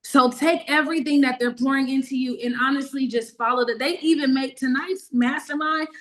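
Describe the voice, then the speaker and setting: High-voiced woman telling her story with passion. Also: fairly quick. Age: 30s. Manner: animated, repeats herself, acts out her own past words. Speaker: network marketing team member giving a testimonial. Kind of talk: emotional personal testimony on a group call.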